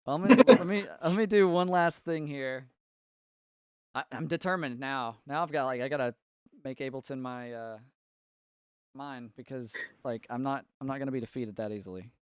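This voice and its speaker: Man, casual stream host, rambling, smooth clear voice, dry sound. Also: medium pitch, normal speed, dry recording. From Tennessee. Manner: rambling, distracted while fixing his setup, frequent fillers. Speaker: host of a live mixing Q&A stream. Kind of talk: casual live-stream chat.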